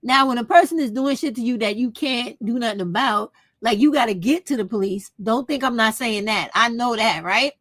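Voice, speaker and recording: A woman's voice: fairly high pitch, brisk, hardly any pauses, fairly bright tone, no room sound. A woman, talking straight to her viewers in a casual opinion vlog, blunt and profane. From United States. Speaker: vlog host.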